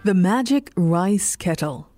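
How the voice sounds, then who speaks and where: A woman with a Singaporean English accent, reading a bedtime story in a slow, soothing voice. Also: lowish voice, music in the background. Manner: slow, soothing, lively intonation.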